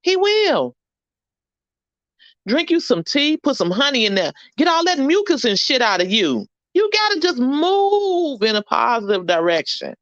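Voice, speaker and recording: Woman, vlogger, motivational pep talk, preachy and comic, lively swooping voice, dull lo-fi dry recording. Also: high voice, unhurried, dry recording. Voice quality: animated, preachy and comic, with blunt slang and swearing. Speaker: vlogger on her own channel. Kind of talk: motivational live-stream chat.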